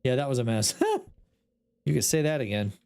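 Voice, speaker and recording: A man's voice: mid-range voice, normal speed, gravelly, darkish tone, clean tone. A man streaming a ghost-hunting game, talking to his chat in an exasperated, joking way. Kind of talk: casual gameplay commentary.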